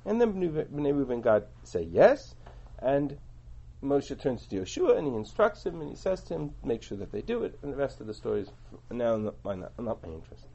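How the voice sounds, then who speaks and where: A man teaching a Torah class, explaining and translating verses in an animated way, on a dull lo-fi recording. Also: medium pitch, normal speed, creaky, breathy edge.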